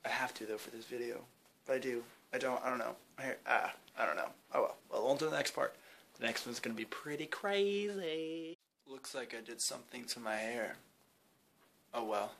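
A young man casually rambling in a behind-the-scenes vlog, excited and full of fillers, on an indoor home video set. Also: mid-range voice, normal speed, creaky, a little hiss or hum. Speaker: YouTube creator.

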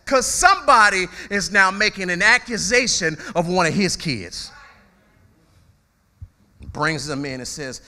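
A man's voice: high-pitched, a little slow, long pauses. A male pastor giving a conversational sermon, calling out to his congregation and often repeating words as he starts a phrase. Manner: animated, conversational preaching with call-outs to the congregation.

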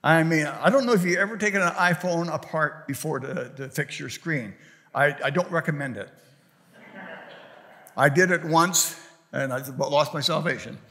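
Folksy pastor with bright hall reverb. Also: male voice, on the high side, normal speed. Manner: folksy, rambling storytelling with many fillers. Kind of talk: sermon. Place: church sanctuary.

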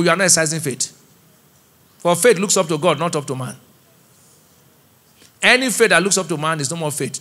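A man's voice: sits high, bright, forceful tone. A middle-aged Nigerian man preaching a sermon and asking the congregation to fill in his words. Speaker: pastor. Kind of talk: sermon with call-and-response. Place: church auditorium.

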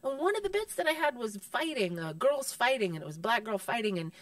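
Comedian lady telling stories, animated, swears a lot, kinda far from the mic, dry room. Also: on the high side, a little fast, no room sound. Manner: animated, profane storyteller, acts out voices. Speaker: guest comedian. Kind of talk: casual chat with storytelling.

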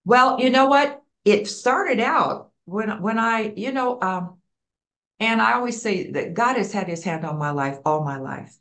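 An older woman, a community program founder, being interviewed and telling stories in an animated way, acting out the voices of people she quotes. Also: mid-range voice, measured pace. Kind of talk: storytelling interview.

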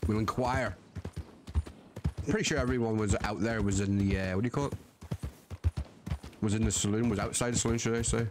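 A man's voice: on the low side, fairly even intonation, fairly quick, pauses often, background noise. A man streaming a western roleplay, talking in a folksy drawl, swearing and joking as his character. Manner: drawling folksy cowboy talk, swearing, laughing at himself.

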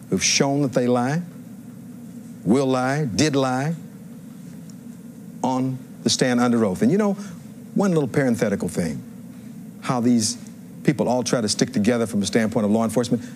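A man's voice: medium pitch, darkish tone, slight background noise. A defense attorney in his fifties giving a courtroom closing argument to a jury, emphatic and rhetorical, building phrases through repetition. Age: 50s.

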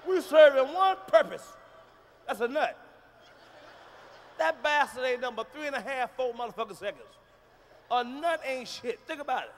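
A man doing a loud, profane stand-up routine on stage, telling stories with shouts and acted-out moans. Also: extremely high pitch, expressive, normal speed, pauses often, a little hiss or hum. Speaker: stand-up comedian. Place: large live venue on stage.

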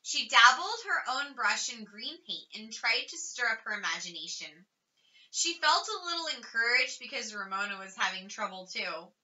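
Bright, expressive woman storyteller. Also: fairly high pitch, normal speed. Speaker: audiobook reader. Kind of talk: children's storybook narration. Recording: slightly distant, dull lo-fi recording.

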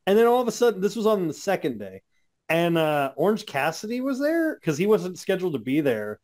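A man with a lively, swooping voice telling animated stories on a podcast. He jumps in and out of acted voices as he talks. His delivery is casual and chatty. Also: sits high, brisk. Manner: animated storyteller, acts out voices. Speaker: podcast co-host.

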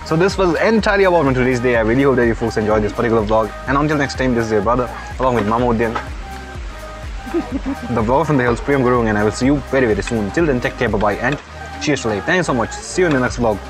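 A man's voice: medium pitch, lively intonation, fast talker, music in the background. A young man vlogging casually in a cafe. He chats easily, tosses in Nepali and Hindi words and keeps saying bro. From Kalimpong, India. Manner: chatty, mixes in Nepali and Hindi words, says bro a lot. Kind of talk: casual vlog talk. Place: cafe, outdoors and inside.

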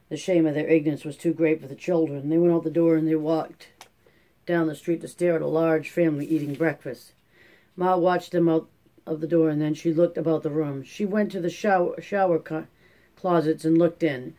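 A man reading a classic novel aloud in a steady, measured audiobook narration. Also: fairly high pitch. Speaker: audiobook reader.

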